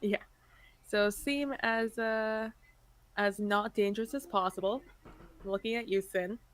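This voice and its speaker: A woman's voice: medium pitch, steady tone, measured pace. A woman playing a tabletop game, speaking hesitantly. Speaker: player.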